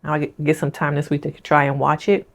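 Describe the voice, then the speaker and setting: A woman's voice: deep voice, level tone, fairly quick. Chatty woman therapist recapping TV. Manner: chatty, addresses viewers directly. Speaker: licensed therapist. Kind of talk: casual reality-show recap commentary.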